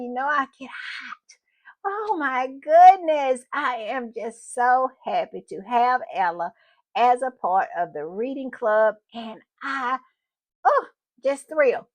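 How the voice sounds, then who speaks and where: A woman hosting her own channel in a casual chat, effusive and repetitive as she thanks supporters. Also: sits high. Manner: effusive, repeats thanks, drawn-out emphatic phrasing. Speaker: channel host.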